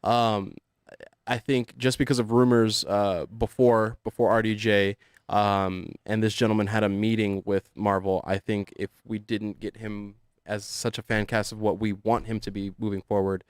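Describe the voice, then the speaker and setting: A man's voice: fairly low pitch, flat delivery, normal speed, smooth, dry recording, studio quality. A man co-hosting a casual talk show, talking hesitantly with many fillers. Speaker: podcast co-host. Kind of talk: casual chat. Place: radio studio.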